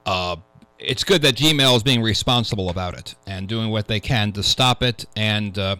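A man's voice: on the low side, moderate pace, bright, forceful tone, smooth, dry recording, low-quality recording. Rambling male tech radio host. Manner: rambling with frequent uh fillers. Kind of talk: casual tech radio talk. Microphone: studio microphone.

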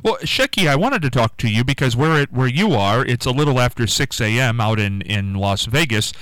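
A man's voice: mid-range voice, expressive, brisk, a bit bright, no echo, poor audio. A man hosting a radio interview, upbeat and chatty, laughing along with his guest. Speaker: radio host.

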